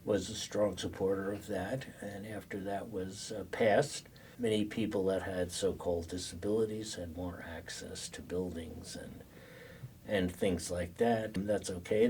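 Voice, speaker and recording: A man's voice: lowish voice, steady tone, measured pace, mellow, distant mic, slight background noise. An older man giving a conversational classroom lecture as a social work professor, full of fillers and restarts.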